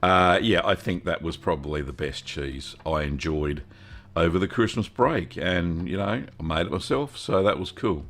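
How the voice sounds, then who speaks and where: A man's voice: low-pitched, normal speed, a bit bright. An Australian man hosting a live Q&A stream, chatting casually in a folksy way, greeting viewers by name and filling gaps with ums and uhs. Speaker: host of a cheese-making livestream.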